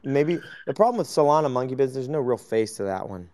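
Male host with a smooth, clear voice, blunt and offhand in casual talk. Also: mid-range voice, lively intonation, fairly quick, a little mellow. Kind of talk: casual crypto chat.

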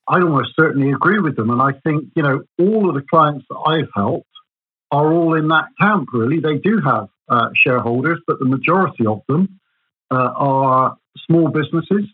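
A man speaking as a consultant, with a husky voice. He lays out his case steadily and leans on examples. His voice comes through a thin, phone-like line. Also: on the high side, lively intonation. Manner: measured, builds points through examples. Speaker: business consultant. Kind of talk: explaining in a podcast conversation.

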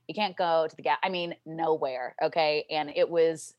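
A young woman from Louisiana, a guest in a casual interview, telling stories and acting out her family's lines in high, excited voices. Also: normal speed, dry recording, lo-fi sound.

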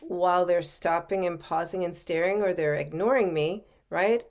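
A woman's voice: on the low side, fairly even intonation, normal speed, a little mellow. A middle-aged woman speaking as a podcast guest, conversational, often adding "you know" and "right". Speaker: podcast guest, coach and author. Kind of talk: casual interview chat.

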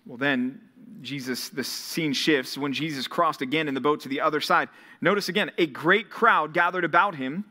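A male pastor preaching a sermon to a college ministry, retelling Bible scenes with animated storytelling. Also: fairly high pitch.

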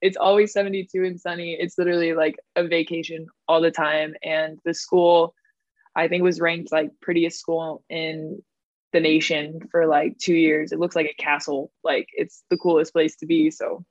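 A young woman with a fairly low voice tells her stories with lively energy, laughing often and acting out the lines of the people in them. The recording is dry and close, with a dull, lo-fi sound. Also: moderate pace, dry recording. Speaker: guest, former pro volleyball player. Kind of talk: casual podcast storytelling. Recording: dull lo-fi dry podcast audio.

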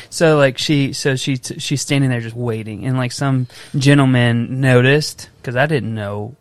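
A young man on a casual podcast, an emotional, animated storyteller who acts out his little daughter's lines. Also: mid-range voice, moderate pace, hardly any pauses, dry recording. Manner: emotional, tears up easily. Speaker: podcast co-host. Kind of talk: casual chat.

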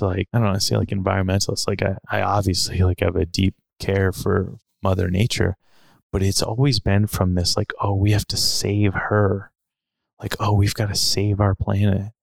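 A man with a deep voice that has a rough, creaky edge tells a personal story on a podcast. He talks in a casual, musing way, full of fillers and restarts. The sound is dry and close, with no room around it. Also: no room sound. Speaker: podcast speaker.

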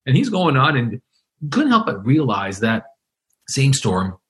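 A man's voice: mid-range voice, huge pitch swings, measured pace. A man hosting an interview podcast, speaking conversationally and telling a story to his guest. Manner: tells an anecdote with acted quotes. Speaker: podcast host.

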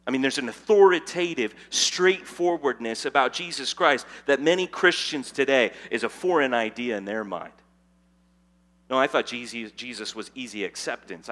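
A man preaching a sermon as pastor, dropping to hushed asides and then building to loud, emphatic stretches. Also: on the high side. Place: church sanctuary.

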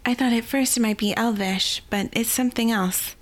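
A woman's voice: on the high side, fairly even intonation, moderate pace, voice pushed up, lightly acted. A woman voicing an earnest young heroine in a raised, questioning voice. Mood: puzzled.

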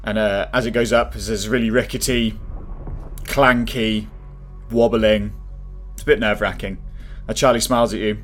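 A man's voice: on the low side, steady tone, normal speed, faint music behind. A young man, narrating a tabletop game as game master in a laid-back way, often laughing.

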